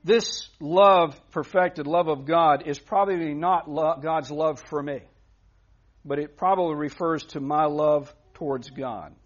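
A man's voice: on the high side, measured pace. A man preaching a sermon as pastor, earnest and emphatic, often restarting phrases. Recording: dull lo-fi recording.

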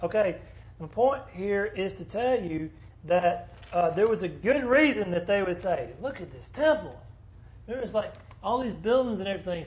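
Speaking in a high voice, a man teaches a small Bible study group, walking through the passage in an easy, conversational way and drawing them in with questions.

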